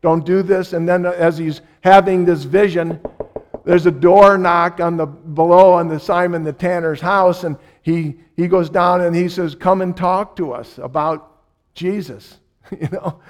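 A man's voice: sits high, a little slow. A man preaching a sermon, repeating key phrases for emphasis and acting out the people he quotes.

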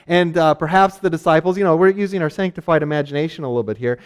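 A man with a notably high voice gives a sermon in a loose, conversational way. He explains a Bible passage and briefly acts out the people in it, with plenty of casual fillers. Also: clean tone. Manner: conversational, acts out characters in quick asides; frequent fillers and restarts, laughs lightly. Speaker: preacher.

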